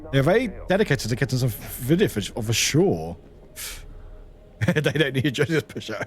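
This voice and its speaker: A young British man streaming a game live, excitable and full of laughs, yelps and swearing. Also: mid-range voice, measured pace, pauses often.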